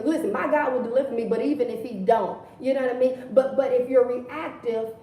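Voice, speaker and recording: A woman's voice: on the high side, fairly even intonation, a little fast, hardly any pauses, warm tone. A woman preaching a casual livestream sermon in a conversational, colloquial way, repeating her key phrases. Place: indoors, livestream. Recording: echoey room, distant mic.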